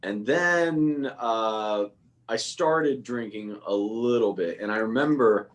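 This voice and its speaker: A man's voice: on the low side, slow pace. Young man telling a story over a video call. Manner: storytelling, laughs at himself. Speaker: guest. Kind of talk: casual video-call chat.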